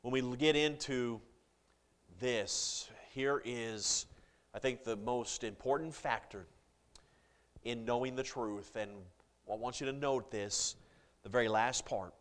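A man preaching a sermon to a congregation, with big swings in loudness and pitch and jokes with the listeners. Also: slow pace.

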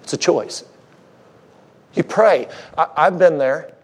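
A man's voice: fairly high pitch, slow, breathy edge. A man preaching a sermon as a guest speaker, conversational and joking with the congregation, married fifteen years.

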